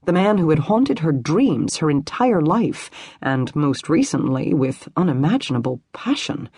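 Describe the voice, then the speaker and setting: Brief: female audiobook narrator, breathy, dry close studio sound. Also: deep voice, mellow, no echo. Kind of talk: scripted narration.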